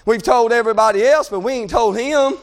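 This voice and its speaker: A man preaching a sermon, swinging between shouted appeals and hushed passages. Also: extremely high pitch, brisk.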